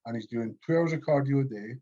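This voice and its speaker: Scottish man, husky, animated sweary banter, dull lo-fi sound. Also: medium pitch, fast. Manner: animated, sweary gym talk. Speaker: podcast co-host. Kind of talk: casual chat.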